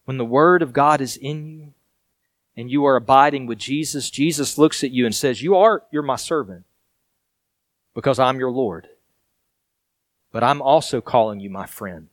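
A man pastor preaching a sermon, reading scripture and explaining it in an earnest way, sometimes raised and sometimes hushed. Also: medium pitch, normal speed, pauses often, no echo.

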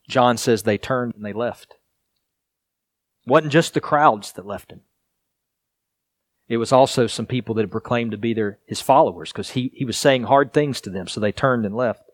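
A male pastor delivering a sermon in an earnest, deliberate way, leaning on repetition and pauses for emphasis. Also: mid-range voice, no room sound.

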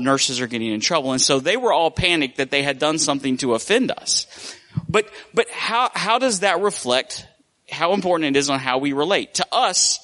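A man's voice: on the high side, pushed and bright. A man preaching a conversational sermon, telling stories with a shifting pace. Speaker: pastor.

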